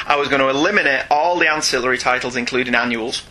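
A man's voice: medium pitch, fast, bright, forceful tone. A man, co-hosting a casual podcast chat, reading listener emails and joking about them. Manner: chatty, self-deprecating, laughs often. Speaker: podcast co-host.

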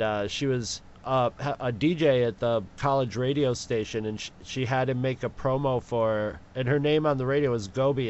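A man co-hosts a casual podcast from home and tells stories in a relaxed, chuckling way. His voice is smooth and resonant at a middle pitch. The remote audio comes through slightly dull. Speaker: podcast co-host.

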